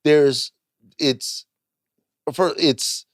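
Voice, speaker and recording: A man's voice: fairly high pitch, extremely slow, no echo. Man, podcast co-host, insistent, repeats himself, dry close sound. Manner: insistent, repeats points, many restarts. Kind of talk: casual chat.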